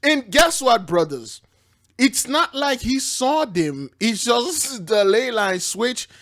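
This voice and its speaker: Slow, high-voiced man laughing through commentary. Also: big pitch swings. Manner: laughs a lot, repeats "man"; drops to a low, quiet aside. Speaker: online preacher reacting to news. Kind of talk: casual commentary.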